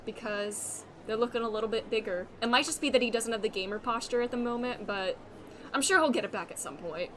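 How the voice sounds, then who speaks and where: A young adult woman streaming a game, chatting excitably with giggles and loud outbursts. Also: on the high side, a little fast, slight background noise. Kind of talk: live game commentary.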